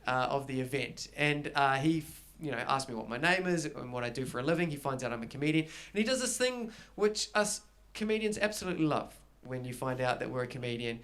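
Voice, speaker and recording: A man's voice: medium pitch, animated, a little fast, hardly any pauses, fairly bright tone. A middle-aged man with a New Zealand accent performing a live stand-up set, telling stories and acting out both sides of the dialogues. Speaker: stand-up comedian. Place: small garage gig before a live audience.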